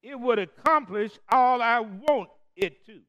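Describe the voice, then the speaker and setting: A man's voice: extremely high pitch, a little slow, fairly bright tone. A man preaching a call-and-response sermon, as a Methodist preacher who throws questions to the congregation and draws out the key words.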